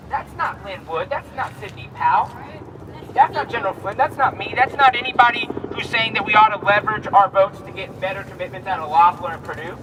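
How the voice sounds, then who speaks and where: High-voiced emphatic man rallying outdoors. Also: normal speed, bright, forceful tone, far from the mic, a little hiss or hum, poor audio. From Texas. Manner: emphatic, repetitive, rousing. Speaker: rally speaker. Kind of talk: outdoor protest speech.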